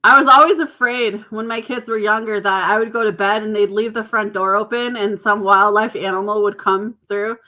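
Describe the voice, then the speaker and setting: A woman's voice: medium pitch, steady tone, moderate pace, few pauses, pushed and bright. A Canadian woman, mother of grown children, giving a chatty, reassuring live tarot reading to viewers. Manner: chatty, reassuring, laughs often. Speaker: tarot reader.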